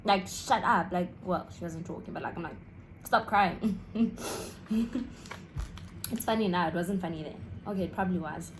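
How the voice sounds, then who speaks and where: A woman's voice: lowish voice, moderate pace, a little mellow, slight background noise, low-quality recording. A South African woman in her twenties telling a story in a casual vlog, chatting in a rambling way while she eats snacks. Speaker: YouTuber.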